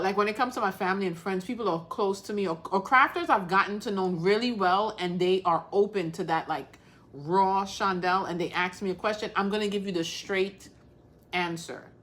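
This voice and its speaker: A woman's voice: medium pitch, a bit bright. A woman hosting a casual crafting livestream, talking bluntly and straight to the point while calling out viewers by name.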